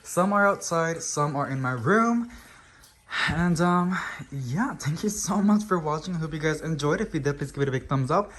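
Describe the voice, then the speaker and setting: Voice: medium pitch, lively intonation, moderate pace, fairly bright tone. A houseplant channel host giving a casual tour of their living room plants, gushing with frequent exclamations, filmed at home on a handheld camera.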